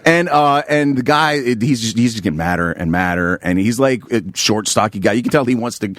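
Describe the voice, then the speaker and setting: A man telling a story on a casual podcast, acting out quotes loudly and swearing freely. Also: medium pitch, lively intonation, a little fast, no echo. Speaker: guest comedian.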